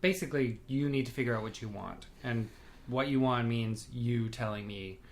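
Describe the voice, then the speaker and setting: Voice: medium pitch, moderate pace. Hesitant, thoughtful podcast co-host. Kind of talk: casual chat recapping a TV show.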